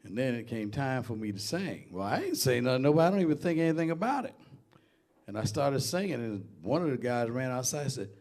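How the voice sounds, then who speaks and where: An older man from Massachusetts spins stories about his life, animated and full of laughter. He is a band singer talking as a guest in a basement studio. His voice sits in a plain middle pitch. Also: quick pace. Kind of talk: casual storytelling.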